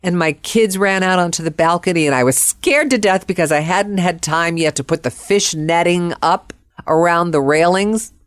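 Expressive woman storyteller, low voice. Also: normal speed, no room sound. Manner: vivid, expressive, acts out quotes. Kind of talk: personal storytelling.

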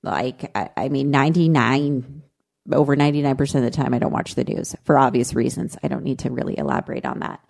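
Brief: a woman co-host in casual chat, emotional and impassioned, with a warm, mellow, low voice. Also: quick pace, vocal fry. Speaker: podcast co-host.

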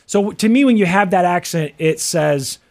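Man, midwest accent, kinda high voice, chatty and rambling, lots of "like" and "uh". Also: moderate pace. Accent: General American Midwest. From American Midwest. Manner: chatty, musing, full of fillers and restarts. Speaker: co-host. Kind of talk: casual chat.

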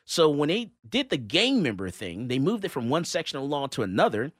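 A man hosting a talk radio show, telling a story in a casual, animated way with many fillers and restarts. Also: on the high side, a little fast, no room sound, clean studio sound.

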